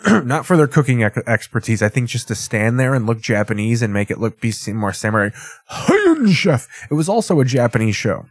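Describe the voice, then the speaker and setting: A man's voice: medium pitch, fairly quick, few pauses, dry recording. A man giving casual, profane commentary as he reacts to TV clips, rambling with wry asides.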